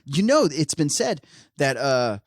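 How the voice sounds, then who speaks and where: A man co-hosting a casual true-crime podcast, joking and laughing as he tells a grim story. His pitch swings widely, and the mic sound is dry and close. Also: unhurried, dry recording. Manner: joking and laughing often, animated. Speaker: podcast co-host.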